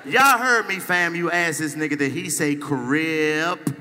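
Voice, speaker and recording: A brash man works the crowd at a live comedy show, roasting people one after another. His voice sits a bit high and rings out through a reverberant hall. Steady audience chatter fills the space behind him. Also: a little slow, slight background noise. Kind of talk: live stand-up crowd work.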